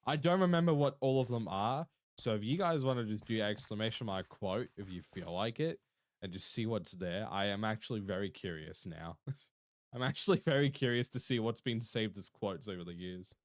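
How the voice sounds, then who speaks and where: A Twitch streamer with a lowish voice talks at normal speed in a dry recording. He streams live, chatting with his viewers in a laid-back, jokey way and laughing often.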